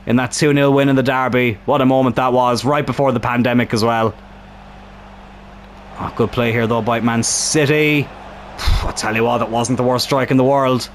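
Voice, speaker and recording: A young man commentating his own football video game match, excitable and swearing at the screen, with a strained throat. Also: mid-range voice, a little hiss or hum.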